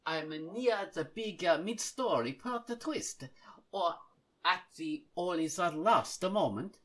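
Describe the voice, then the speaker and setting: A boisterous, Italian-accented reader, put on by a man, who stumbles along with filler uhs and bursts out with exclamations. The delivery is slow and swings widely in pitch. It has a bright, forward tone. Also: full character voice. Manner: sprinkles exclamations of mamma mia, hesitant with many uhs. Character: exuberant Italian-accented man reading his own forum post. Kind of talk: reading a listener post aloud in a put-on accent.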